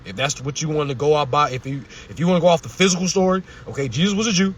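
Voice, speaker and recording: A man's voice: on the high side, very fast, breathy edge. A young man hosting a live stream, ranting in a confrontational, preachy and profane way from inside a vehicle.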